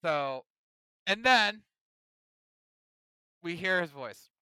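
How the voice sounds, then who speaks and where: Bright, animated man ranting on a podcast. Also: sits high, very slow, clear, resonant tone, no room sound. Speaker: podcast co-host. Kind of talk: casual chat.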